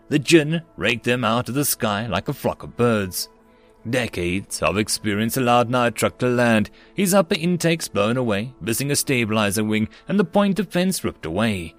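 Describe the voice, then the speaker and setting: A man reading a web novel aloud as an audiobook narrator, with steady, even storytelling. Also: medium pitch. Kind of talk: scripted narration.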